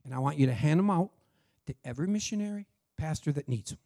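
A middle-aged man tells a testimony story from the pulpit. His voice sits high and swings widely as he acts out each exchange. He speaks with lively, heartfelt energy. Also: quick pace. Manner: animated storyteller acting out dialogue. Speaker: church speaker sharing a testimony.

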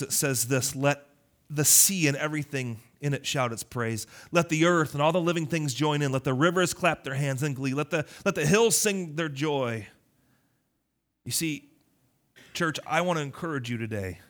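A male pastor preaching a lively, conversational sermon, teasing his congregation. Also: a little high.

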